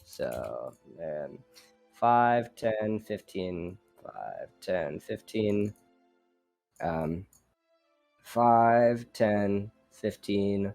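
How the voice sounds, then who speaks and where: Young guy dm'ing a tabletop game, bouncy lively voice, rambly with lots of ums, faint music behind. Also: lowish voice, drawn-out words, creaky. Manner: casual, rambling with fillers, swooping into voices. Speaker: dungeon master.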